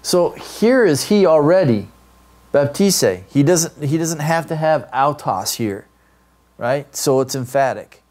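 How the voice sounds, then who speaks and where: A man's voice: fairly high pitch, lively intonation, slow pace, a little mellow. A man giving a classroom lecture on grammar, explaining step by step and often checking with "right?". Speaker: Greek grammar teacher.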